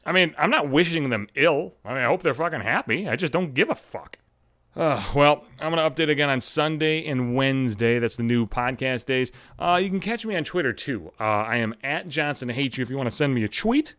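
A man's voice: medium pitch, lively intonation, brisk, a bit bright, no room sound. A man in his thirties hosting a solo podcast, ranting bitterly and swearing constantly in a sardonic way. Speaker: podcast host. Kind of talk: profane solo podcast rant.

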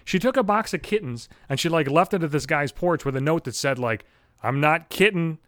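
A man's voice: on the high side, lively intonation, a little fast, fairly bright tone, no room sound, studio quality. Foul-mouthed exasperated man ranting. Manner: crude, exasperated, swears constantly. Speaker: podcast host. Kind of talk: profane comedic rant.

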